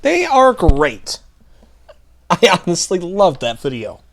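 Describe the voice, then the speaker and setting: A man's voice: high voice, wildly swooping pitch, takes it slowly. A male commentary host ranting in a sarcastic, heated, mocking way.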